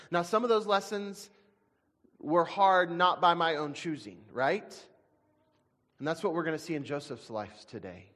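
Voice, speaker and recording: A high-pitched man delivers a Sunday sermon with fervent, emphatic swings between loud declarations and quiet asides. His voice carries a long reverb from a large sanctuary, picked up on a stage mic. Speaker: pastor. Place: church sanctuary.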